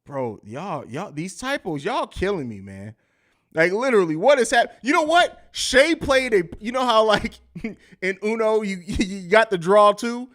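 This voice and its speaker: A man's voice: high-pitched, sing-song, measured pace, a bit bright. A man hosting a live sports podcast stream, talking loosely and profanely, laughing often and reading viewer comments aloud. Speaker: podcast host. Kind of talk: casual live-stream chat.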